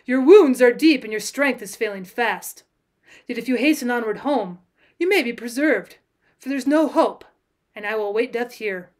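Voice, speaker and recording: A woman reading as a calm dying old hunter. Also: fairly high pitch, moderate pace, natural voice. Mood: solemn. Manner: solemn, pleading, archaic speech.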